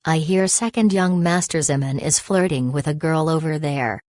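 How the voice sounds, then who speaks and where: A gossiping townsman spreads rumors in a hurry, as a woman reads him. The voice is low and the sound dry. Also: a little mellow, no room sound, natural voice. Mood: gossipy. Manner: hurried gossip.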